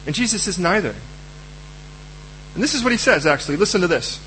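A man preaching a sermon, acting out both sides of conversations with God in lively voices. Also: high voice, fairly quick, slight background noise, poor audio. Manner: animated, acts out both sides of dialogues with God.

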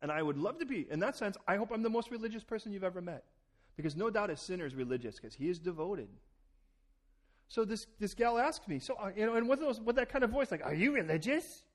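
High-voiced animated male preacher. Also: quick pace. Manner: animated, acting out quoted exchanges, repeats words when starting. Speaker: pastor. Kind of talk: sermon.

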